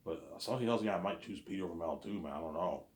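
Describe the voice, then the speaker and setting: A vlogger with a deep voice talks very fast in an echoey room, rambling through a casual monologue and repeatedly restarting and repeating his phrases.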